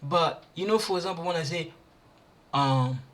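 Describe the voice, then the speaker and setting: A man teaching pronunciation, repeating syllables and words slowly for learners. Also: on the high side, fairly bright tone. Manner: slow, repeats sounds and words aloud for learners. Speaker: language teacher. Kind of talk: pronunciation lesson.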